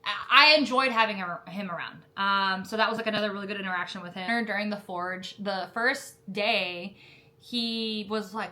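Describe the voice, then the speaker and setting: A young woman, a Marine officer candidate, casually tells a story about officer training, chatty and full of fillers, laughing often as she goes. Her medium-pitched voice is pushed and bright, at a normal speed.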